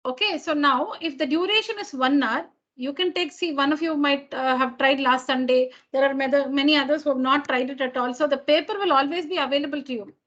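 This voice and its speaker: Speaking a little fast with hardly a pause, a woman teaching an online class patiently goes over each point again in new words for her students. Her high-pitched, slightly bright voice comes through a computer mic on a video call, with the highs cut off.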